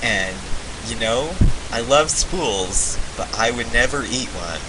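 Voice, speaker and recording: A man's voice: mid-range voice, animated, slow pace. A young man rambling through a mock-earnest comedy bit. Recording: loud background noise.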